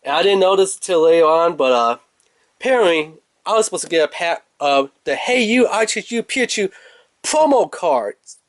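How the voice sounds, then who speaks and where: A man in a casual unboxing review, talking in a rambling, animated way as he shows off a toy. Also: a little high, no echo. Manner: rambling, talkative, animated storytelling.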